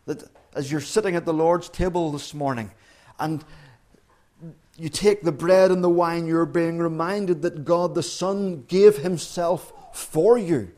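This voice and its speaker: A man preaching a sermon as pastor, slow and emphatic, repeating key phrases. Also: a little high, a little mellow. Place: church during communion service.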